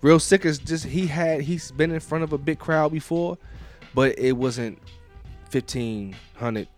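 A man co-hosting a podcast, recapping battle rap events in casual chat, animated and emphatic, swearing freely. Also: on the high side, measured pace, soft background music.

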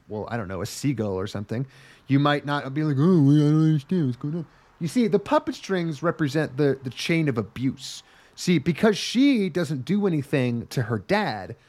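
A man co-hosting a podcast, recapping an anime in casual, joking, profane chat. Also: mid-range voice. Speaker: podcast co-host reviewing an anime.

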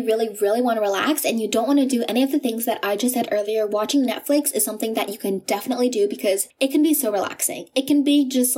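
Young woman, podcast host, chatty, fast talker, slightly high voice, casual advice. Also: darkish tone. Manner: chatty, fast, many filler likes.

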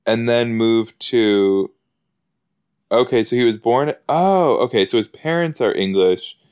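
A man giving casual, excitable commentary while watching an episode, chatty and full of fillers and gasps. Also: mid-range voice, measured pace, smooth. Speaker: podcast host reacting to an episode.

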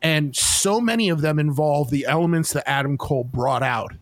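A man with a fairly high voice, chatting excitedly as a podcast co-host. He rambles and restarts, swears freely, and the sound is dry and close to the mic. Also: moderate pace, no room sound. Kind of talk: casual chat.

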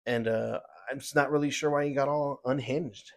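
A male podcast host at a mid pitch delivers a fired-up rundown of the week's news. He stumbles and restarts often, leaning on fillers as his frustration builds. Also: fairly even intonation, moderate pace, creaky. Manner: heated, ranting, with many fillers and restarts. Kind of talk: opinionated news commentary.

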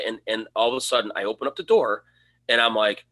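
With a lowish voice and a quick pace, a man on a podcast he co-hosts tells an easygoing story. He brings his own quoted remarks to life with animation.

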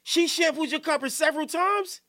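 Male podcast host, very high and bright voice, rowdy, laughs and shouts a lot. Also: normal speed. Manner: excitable, laughs and shouts, keeps saying hold on. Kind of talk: rowdy live podcast chat.

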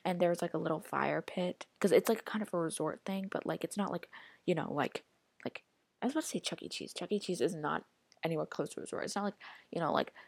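Rambling chatty woman with gravelly voice. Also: fairly low pitch, fast, darkish tone, no room sound. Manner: rambling, chatty, heavy use of filler "like"; reacts aloud while scrolling an app. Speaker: podcast host. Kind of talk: casual solo podcast chat.

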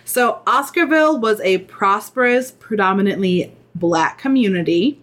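A woman co-hosting a casual podcast, telling a story in a relaxed way, laughing easily and swearing in passing. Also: mid-range voice, moderate pace. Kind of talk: casual chat.

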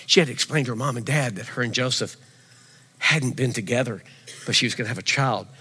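A male pastor preaching a sermon, with animated swings from loud emphasis to quiet intensity. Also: a little high, moderate pace, pauses often, breathy edge. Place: church sanctuary. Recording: long hall reverb.

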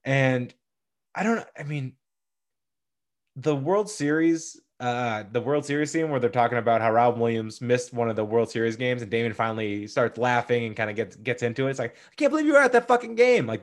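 Young male podcaster, casual and excitable, swears a lot. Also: mid-range voice. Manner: enthusiastic, profane, rambling. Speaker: podcaster ranking movies. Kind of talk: casual movie talk.

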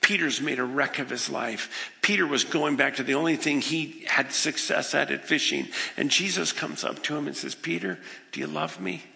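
Fervent pastor with a gravelly, bright voice. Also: male voice, fairly high pitch, moderate pace, few pauses. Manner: dramatic, acts out voices with humor, swings from loud to hushed. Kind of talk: sermon. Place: church sanctuary. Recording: reverberant church hall.

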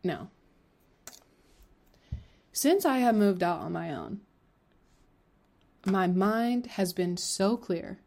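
Slow-talking young woman, candid and rambling. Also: medium pitch, big pitch swings, gravelly, a little mellow. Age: 20s. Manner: frank, rambling, heavy on fillers and swearing. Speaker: podcast host. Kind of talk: candid solo podcast talk.

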